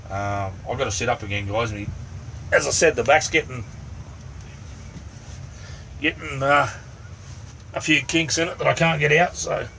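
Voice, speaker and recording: A man's voice: medium pitch, normal speed, creaky, pauses often, sharp tone. A middle-aged Australian man chatting casually with his livestream viewers from inside his camper, rambling and easygoing with lots of ums and "mate". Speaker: livestream host. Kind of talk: casual live chat with viewers. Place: inside a small camper van. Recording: distant mic, faint fan hum. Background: fan running.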